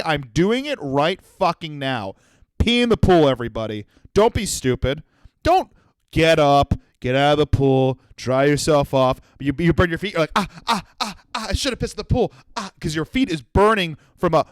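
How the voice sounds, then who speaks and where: A young man from Florida, a comedian hosting his own podcast, ranting in a loud, profane, animated way and acting out little voices. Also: fairly high pitch, no room sound. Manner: animated, profane, yelling rant with acted-out voices. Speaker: comedian host.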